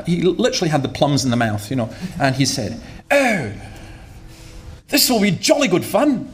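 A man preaching with a slightly high voice, chatty and humorous, stumbling on and repeating words. Faint hiss sits under his delivery. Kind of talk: sermon.

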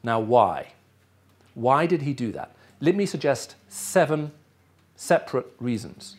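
This middle-aged, English-accented preacher, raised in the Middle East, teaches a sermon to a live audience and regularly checks in with them. His mid-range voice has a sing-song quality and moves at a measured pace.

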